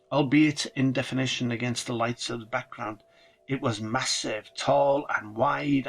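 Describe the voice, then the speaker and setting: A man's voice: medium pitch, rough recording. A man narrating a first-person horror story dramatically, with casual swearing.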